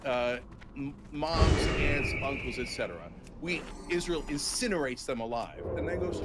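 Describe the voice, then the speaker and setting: A man's voice: a little high, expressive, normal speed, loud music behind the voice. A man giving impassioned political commentary, emphatic and indignant, with mocking mimicry of opponents.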